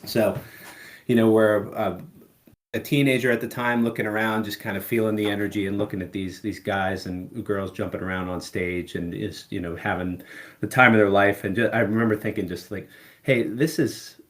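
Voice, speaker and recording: A middle-aged man, a musician guest in a casual interview, talking in a relaxed, rambling way full of fillers. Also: lowish voice, fairly quick. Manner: relaxed, rambling, many "you know" fillers.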